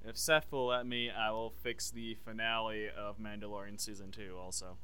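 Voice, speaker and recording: A man with a bright, crisp, clear voice talks in a loose, rambling podcast chat. He is enthusiastic and pitches ideas as he goes. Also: little pitch movement, moderate pace. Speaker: podcast co-host. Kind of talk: casual chat.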